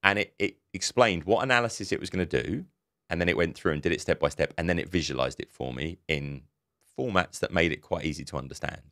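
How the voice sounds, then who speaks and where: A man's voice: deep voice, quick pace. A man co-hosting a casual podcast, talking animatedly and acting out quoted exchanges. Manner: animated, acts out quoted dialogue. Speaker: podcast co-host.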